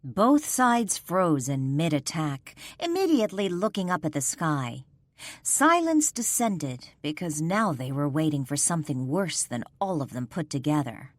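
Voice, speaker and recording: A woman narrating a paranormal romance audiobook in a measured, expressive storytelling manner. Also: sits low, no echo, studio quality. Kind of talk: scripted narration.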